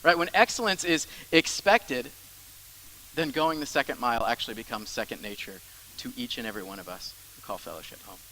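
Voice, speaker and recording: A young adult man preaching a sermon as pastor, emphatic, repeating phrases and dropping into soft asides. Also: mid-range voice, a little fast, slight background noise, poor audio.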